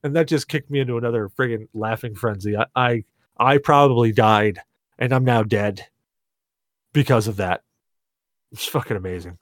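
A man hosting a podcast, tipsy from rum, telling a story in an animated, laughing way and swearing a lot. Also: medium pitch, normal speed, pauses often, no room sound, clean studio sound. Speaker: podcast host. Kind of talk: casual storytelling chat.

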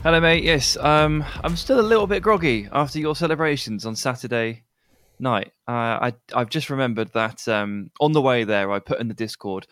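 A man co-hosting a football podcast, telling stories in an animated way and laughing easily. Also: medium pitch, normal speed, no echo, studio quality. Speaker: podcast co-host. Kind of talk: casual football podcast chat.

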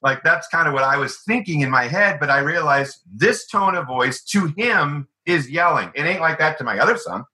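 A man, an author and guest, explaining ideas through animated stories and acted-out quotes. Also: fairly high pitch, normal speed, few pauses, low-quality recording. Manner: animated, acts out quoted voices. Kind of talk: conversational storytelling.

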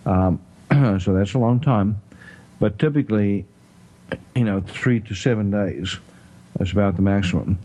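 A man with a South African accent explaining health topics in casual chat, pausing often with "you know" and clearing his throat. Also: on the low side, warm tone, low-quality recording. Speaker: health talk host.

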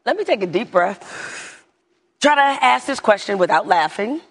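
A woman's voice: mid-range voice, big pitch swings, moderate pace. A woman co-hosting a sports talk show, sarcastic and exasperated as she argues. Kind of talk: lively studio sports debate.

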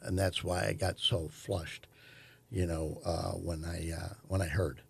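An older man, telling a family story in a halting way with many fillers and restarts. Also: sits low, flat delivery, gravelly, husky. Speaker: guest, host's father. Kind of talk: conversational storytelling.

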